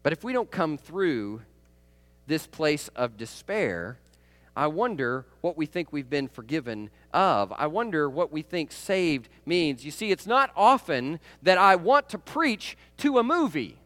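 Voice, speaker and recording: A man's voice: on the high side, very animated, unhurried, fairly bright tone, dry recording. A man preaching a sermon in a conversational way, often asking the congregation "right?" and laughing at his own stories. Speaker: pastor.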